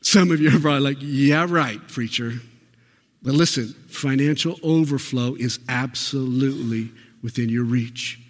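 A man's voice: mid-range voice, little pitch movement, moderate pace, hardly any pauses, in a large hall. A man preaching a sermon in a church, emphatic and full of rhetorical questions to the congregation. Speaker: pastor. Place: church sanctuary.

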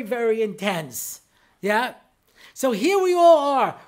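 A man, a rabbi, giving a humorous lecture, telling stories in a chatty way and checking whether his listeners follow him. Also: very high voice. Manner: joking storyteller who mimics people in quick exchanges; conversational, with frequent asides asking the listeners if they follow.

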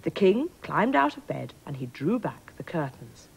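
Expressive woman storyteller. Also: low voice, moderate pace, gravelly, breathy edge. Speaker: presenter. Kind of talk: children's storybook narration.

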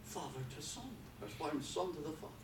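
A man preaching a sermon with fervor, swinging from quiet talk to loud passages. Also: fairly high pitch, fairly quick. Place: church hall. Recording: echoey hall from far off with background noise.

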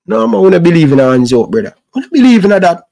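This middle-aged Jamaican man, Jamaican accent and all, runs his own sports channel and rants casually to camera. His impassioned, preachy Patois comes fast in a high, warm, sing-song voice with vocal fry.

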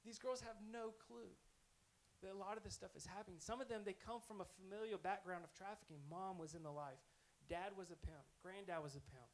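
A man's voice: high-pitched, fairly quick, rough recording. A man preaching a sermon in a conversational, earnest storytelling way. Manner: conversational, earnest, self-correcting.

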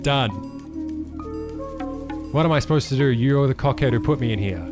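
A man hosting a gaming channel, giving excitable let's play commentary and laughing often. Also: medium pitch, moderate pace, over music. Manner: excitable, laughs often, yells when things go wrong.

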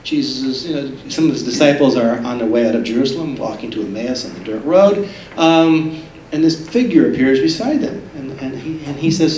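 A man giving a public talk as an author, telling stories in an animated way and acting out the voices in them. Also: a little high, a little fast, slight background noise. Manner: animated storytelling, acts out voices in his retellings. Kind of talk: public lecture. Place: public library talk room. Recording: roomy library hall from a distance.

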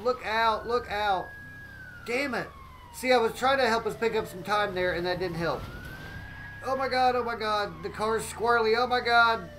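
A man giving excitable live gameplay commentary as a streamer, often exclaiming and greeting his chat. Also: high voice, moderate pace, slight background noise, poor audio.

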